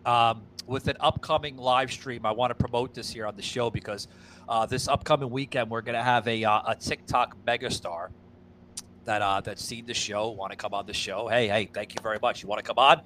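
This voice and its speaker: A man's voice: mid-range voice, steady tone, fairly quick, a bit bright, slight background noise. A man hosting a casual podcast, rambling and repeating himself, stammering through a sponsor read and swearing freely. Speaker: podcast host.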